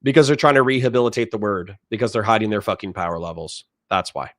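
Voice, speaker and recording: A male livestream host with a mid-pitched voice rants and explains in casual, profane commentary. His voice sounds dry and close, with almost no room around it. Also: quick pace, a bit bright, no echo. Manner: profane, ranting, talks over clips.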